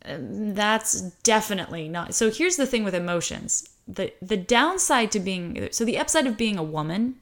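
An American woman explaining a topic in a casual monologue, animated and given to acting out quoted voices. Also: moderate pace, few pauses. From United States. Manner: animated, acts out quoted voices with pitch jumps. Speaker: host talking about high sensitivity.

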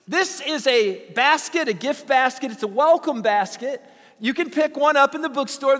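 A man's voice: very high-pitched, pushed and bright, long reverb tail. A pastor from Southern Illinois preaching a sermon, telling folksy, humorous stories to his congregation. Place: church sanctuary.

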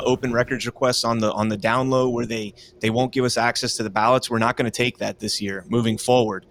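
A man appearing as a guest commentator on a political livestream, explaining his points in a steady, casual way. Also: mid-range voice, slight background noise.

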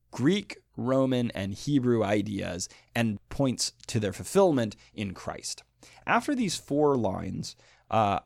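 A man teaching a lecture on poetry, animated and emphatic, who chants the rhythms of the lines aloud. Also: lowish voice, vocal fry, no room sound, clean studio sound.

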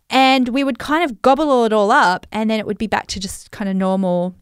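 A woman's voice: on the high side, brisk, few pauses, clear, resonant tone, dry recording, studio quality. An Australian woman coaching listeners on money in a chatty, reflective way, with many fillers. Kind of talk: talking straight to listeners.

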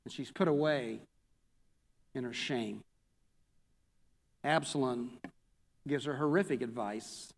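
A man preaching a sermon, reading a scripture passage aloud and then reviewing it slowly as a pastor. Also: mid-range voice. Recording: long hall reverb.

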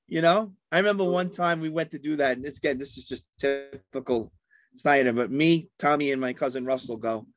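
A man's voice: medium pitch, moderate pace, dry recording, soft background music. A man in casual sports chat, telling rambling stories with many restarts.

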